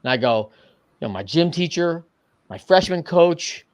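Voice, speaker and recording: A middle-aged man telling a story as a podcast guest, animated and casual, often adding "man" and "right". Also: fairly high pitch, a little slow, no room sound. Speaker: podcast guest, coach and entrepreneur. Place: podcast studio.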